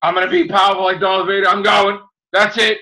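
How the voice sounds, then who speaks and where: A man's voice: high voice, flat delivery, quick pace, bright, forceful tone, voice pushed up. A man putting on a mocking voice for a decrepit, boastful ancient alien villain. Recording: dull lo-fi audio.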